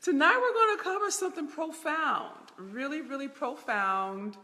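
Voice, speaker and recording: A woman's voice: high-pitched, moderate pace, pushed and bright, long reverb tail. A middle-aged woman hosting a live stream as a business mentor, laughing often and greeting viewers by name from a large room in her home. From Baltimore.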